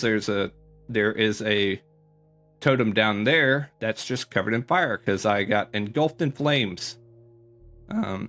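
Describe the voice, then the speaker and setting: A man's voice: lowish voice, fairly bright tone. Rambling man giving a game tour. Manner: rambling, filler-heavy, self-correcting. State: slightly out of breath. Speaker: gaming YouTuber. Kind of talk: casual game commentary tour.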